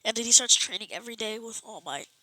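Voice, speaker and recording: Bright-voiced woman rambling a fan story. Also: a little high, lively intonation, fast, no room sound, low-quality recording. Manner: rambling, many restarts. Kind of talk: improvised casual narration.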